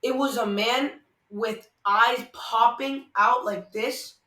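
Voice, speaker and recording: A man's voice: very high voice, steady tone, takes it slowly, bright, forceful tone. Rambling man in an echoey room. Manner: rambling, full of "like" and restarts. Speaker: podcast host. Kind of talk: casual storytelling. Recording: echoey room, far from the mic.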